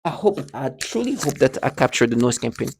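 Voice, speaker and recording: A man's voice: mid-range voice, big pitch swings, fairly quick, creaky, husky. Agitated man stammering through a rant. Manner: agitated, stammering, repeats words. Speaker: vlogger. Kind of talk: emotional personal monologue.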